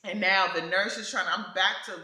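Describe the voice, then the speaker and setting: A woman vlogger casually telling her birth story in an animated way, often laughing. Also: mid-range voice, moderate pace, echoey room, very noisy.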